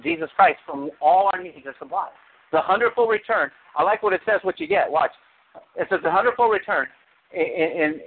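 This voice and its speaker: Man, pastor, sermon, lively swooping pitch, tinny lo-fi sound. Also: vocal fry. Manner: animated preaching with sudden high exclamations.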